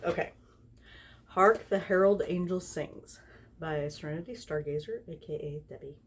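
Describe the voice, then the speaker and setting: A woman's voice: deep voice, moderate pace, slight background noise. A young woman, tipsy from wine, reading fanfiction aloud at home, rambling and giggling between lines. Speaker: fanfiction reader. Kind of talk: tipsy casual storytime reading.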